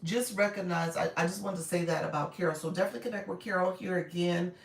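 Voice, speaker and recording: A woman with a naturally raspy voice, a bit strained today, hosting a casual live stream and greeting viewers warmly. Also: on the low side, steady tone, fast. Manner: warm, encouraging, greets viewers often. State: voice a little strained. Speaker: live-stream host and coach. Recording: echoey room.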